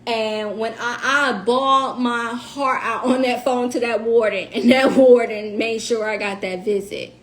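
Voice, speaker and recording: A woman's voice: fairly high pitch, fairly even intonation, a little slow, few pauses. A woman with a Southern US accent, talking to viewers on a livestream, emotional and blunt with curse words. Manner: emotional, swears, talks straight to the audience. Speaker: livestream host. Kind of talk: casual storytime chat to viewers.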